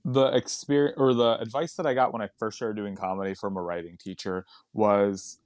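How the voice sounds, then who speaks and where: A man's voice: fairly low pitch, steady tone, a little fast, a little mellow, no room sound, clean studio sound. A man, a stand-up comedian chatting as a podcast guest, rambling into tangents and laughing often. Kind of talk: casual podcast chat.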